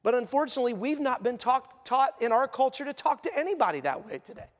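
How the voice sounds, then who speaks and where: A man preaching a sermon as pastor, animated and acting out quoted voices as he teaches. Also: extremely high pitch, fast. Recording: echoey hall reverb.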